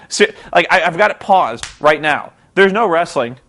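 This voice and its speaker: A man's voice: fairly high pitch, animated, measured pace, a bit bright. A young man vlogging about a wrestling show, exasperated and sarcastic, rambling with restarts. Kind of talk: casual ranting commentary.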